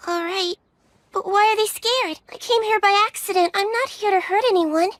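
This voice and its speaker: A woman's voice: very high voice, moderate pace, a bit bright. A woman voicing a polite, earnest young witch girl in an anime dub.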